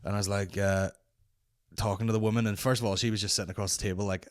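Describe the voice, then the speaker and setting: A man's voice: on the low side, little pitch movement, quick pace, dry recording, clean studio sound. A man with a Northern Irish accent hosting a comedy podcast, telling a story casually, swearing constantly and slipping into voices of other people. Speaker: podcast host.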